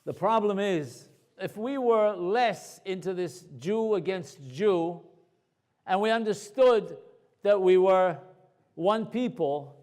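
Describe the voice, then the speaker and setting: A man speaking as a rabbi, telling anecdotes to an audience in a lively way, full of asides and repeated words. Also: high voice, slow pace. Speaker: rabbi and lecturer. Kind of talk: storytelling talk to an audience.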